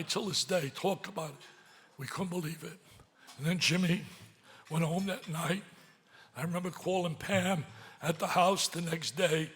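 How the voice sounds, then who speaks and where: An older man giving an emotional gala speech, swinging from loud excitement to hushed pleading, at a podium microphone in a large banquet hall. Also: sits high. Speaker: speaker at a charity gala.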